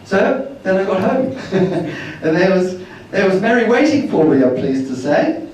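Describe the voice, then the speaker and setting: A man's voice: sits high, sing-song, measured pace, a little mellow, a little hiss or hum. Chatty man in an echoing hall. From Britain. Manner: chatty and rambling, acting out quoted dialogue. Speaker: speaker at a travel meeting. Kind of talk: anecdotal slide-show talk. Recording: roomy hall, distant mic.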